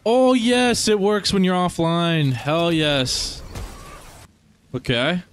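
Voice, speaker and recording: A young man giving casual gameplay commentary as he plays, excitable, swearing often and talking to his viewers. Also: fairly high pitch, takes it slowly, slight background noise. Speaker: gaming streamer.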